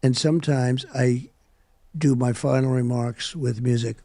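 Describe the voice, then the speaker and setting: A man's voice: mid-range voice, steady tone, measured pace, warm tone, no room sound. An older man giving rambling, repetitive interview answers on a podcast, often interrupting himself. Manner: meandering, repetitive, self-interrupting. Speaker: podcast guest.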